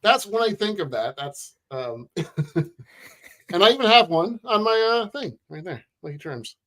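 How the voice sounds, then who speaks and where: A man co-hosting a casual podcast over a video call, teasing and laughing as he banters. His voice sits high and swings widely in pitch. He keeps the mood loose and playful. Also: big pitch swings, unhurried, pushed and bright. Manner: joking, teasing, laughs often. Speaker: podcast co-host.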